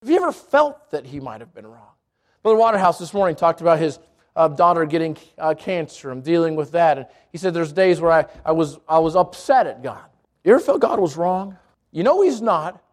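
A young man preaching a sermon, telling stories with lively acted-out asides to his congregation. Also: a little high, a little fast. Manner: animated storytelling with acted-out asides.

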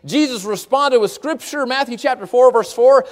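Preaching a sermon in a very high voice, a man speaks emphatically, repeating key words and swinging between fast and slow delivery.

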